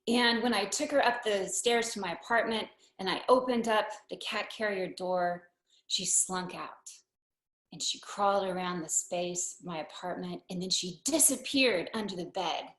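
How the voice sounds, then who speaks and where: A woman telling a personal story live on stage, unhurried and wry, with deadpan asides. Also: mid-range voice. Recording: roomy hall echo.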